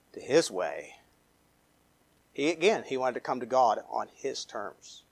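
A man pastor preaching a sermon, reading scripture aloud, with emphatic rises and quiet trailing drops. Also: on the high side, no room sound. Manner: reads scripture aloud, with fillers and restarts.

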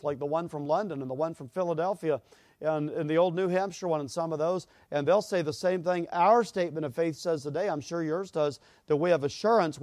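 A man preaches a sermon in a fairly high voice, acting out small scenes and swelling to emphatic peaks. The sound is dry and close, with no room around it. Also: darkish tone, dry recording. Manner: storytelling with acted-out voices, rising to emphatic peaks. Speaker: pastor.

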